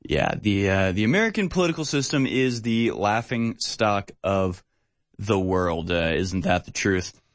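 A man's voice: lowish voice, lively intonation, measured pace, no room sound. Sarcastic rambling male talk host. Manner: rambling, sarcastic, many fillers. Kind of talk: casual opinion talk.

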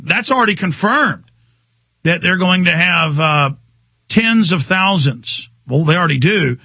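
A male talk radio host in an angry political rant, furious and ranting, at times breaking into shouts. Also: a little high, vocal fry, slightly rough, no room sound.

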